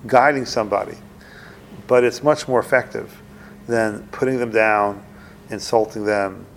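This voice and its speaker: A man with a gravelly, creaky voice gives a conversational religious talk. He acts out short exchanges between people and circles back over his points. A faint hiss sits under the recording. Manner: conversational, plays out dialogues with rising pitch, repeats himself. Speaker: rabbi giving a talk. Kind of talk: informal Torah talk.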